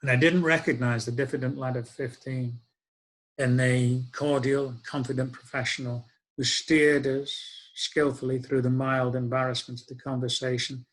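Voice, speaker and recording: A man's voice: medium pitch, flat delivery, moderate pace, poor audio. An older man tells a personal story. His delivery is wry, reflective and conversational, like spoken-word storytelling. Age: 60s.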